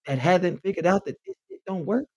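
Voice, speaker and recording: A man with a high-pitched speaking voice hosts a comedy segment, dishing out blunt, profane mock-medical diagnoses. His delivery is direct and unfiltered. He sounds close to the mic in a dry, dead space. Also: animated, a little fast, no echo, poor audio. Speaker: podcast host. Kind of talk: comic advice bit reading messages aloud.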